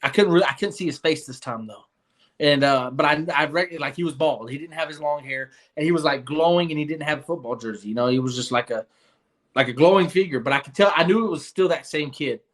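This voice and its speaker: A young man recounts his experiences in a loose, earnest interview manner. He rambles and restarts his sentences, filling gaps with "you know", and his voice sits a little high for a man. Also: fairly quick. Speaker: guest. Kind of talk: casual storytelling interview.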